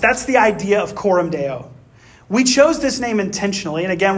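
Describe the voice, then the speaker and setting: High-voiced man preaching a casual sermon. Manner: chatty, tag questions and personal anecdotes. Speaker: pastor. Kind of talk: conversational sermon.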